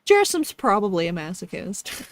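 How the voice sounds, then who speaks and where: A woman streamer chatting casually, laid-back and quick to laugh, with some swearing. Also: mid-range voice, sing-song, crowd noise. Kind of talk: casual chat on her stream.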